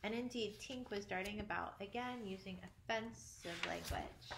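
A woman's voice: medium pitch, normal speed, few pauses, background noise. Woman reading a storybook aloud. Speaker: narrator. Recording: echoey room, faint ambience.

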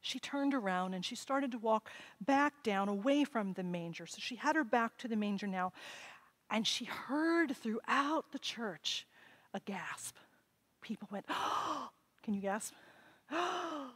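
A woman telling a legend to children during a church service, expressive and inviting them to join in. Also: fairly high pitch, unhurried, rough recording. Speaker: children's sermon storyteller. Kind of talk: telling a story to children in worship. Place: church sanctuary.

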